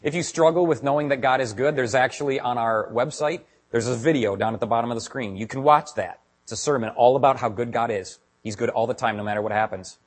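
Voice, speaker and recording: A man preaching a sermon as pastor, talking casually to his congregation and building to loud, emphatic stretches. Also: medium pitch, fast talker, few pauses. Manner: animated, builds to raised emphatic delivery.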